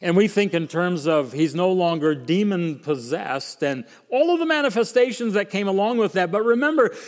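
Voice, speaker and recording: A man preaching a sermon with emphatic swings from quiet, slow lines to raised ones. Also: high-pitched, sing-song. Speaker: pastor. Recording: long hall reverb.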